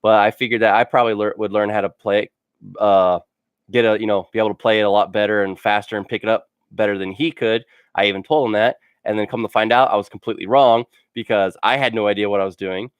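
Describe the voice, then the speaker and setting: A gaming channel host tells funny stories for a casual vlog, rambling, filling his sentences with "like," and laughing at his own tales. His voice is on the low side, steady, and smooth, he talks fast, and there's no room sound.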